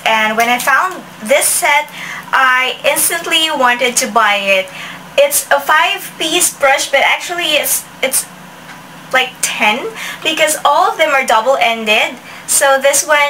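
A woman's voice: sits high, sharp tone, far from the mic, slight background noise, low-quality recording. A woman reviewing makeup brushes in a casual, chatty vlog, with many restarts and frequent "like". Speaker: beauty vlogger.

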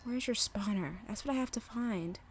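A woman's voice: fairly high pitch, moderate pace, slightly rough. A young woman giving casual, sarcastic let's play commentary, talking to the game's creatures as she plays. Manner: animated, sarcastic, talks to game creatures.

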